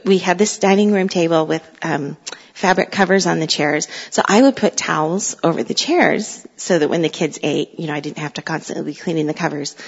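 Middle-aged woman, low husky voice, chatty storyteller, dull lo-fi sound with long hall reverb. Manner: chatty, laughs often, warm storytelling. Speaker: mother sharing a parenting story. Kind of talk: casual storytelling talk.

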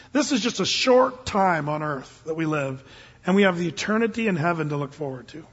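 A man's voice: high-pitched, fairly bright tone, husky. An older man, a pastor, preaching a sermon in a casual, earnest way that rises suddenly into emphatic bursts. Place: church service. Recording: dull, long-reverb church recording.

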